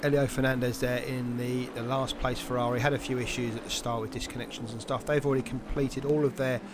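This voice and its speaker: A man's voice: mid-range voice, flat delivery, fast, noisy background. A man hosting live sim racing commentary, teasing and banterous. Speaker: race commentator and host.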